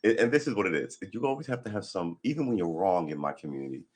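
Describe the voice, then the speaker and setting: Hoarse deep-voiced man chatting on a stream. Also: big pitch swings, fast. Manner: chatty, rambling storyteller who laughs at himself. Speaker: live-stream host. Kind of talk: casual morning live-stream chat.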